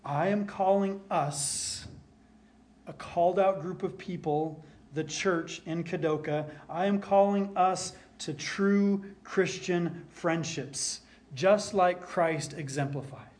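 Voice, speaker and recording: This pastor's voice is a little high, and he takes his sermon slowly. He preaches earnestly, echoing key lines for emphasis and sinking into a quiet hush at times.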